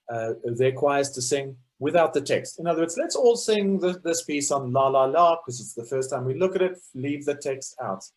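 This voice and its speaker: A man's voice: medium pitch, a little mellow. Middle-aged man lecturing on choral music. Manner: thoughtful, with frequent fillers and restarts. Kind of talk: informal lecture.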